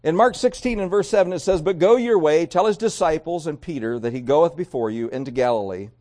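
A man preaching a sermon, reading King James scripture and swinging between raised emphasis and quiet, low endings. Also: fairly quick. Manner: reads scripture aloud in King James wording. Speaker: pastor.

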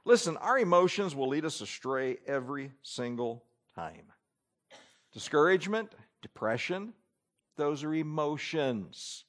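A man preaching a sermon, emphatic, swinging between loud declarations and hushed asides. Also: on the high side, big pitch swings, a little slow.

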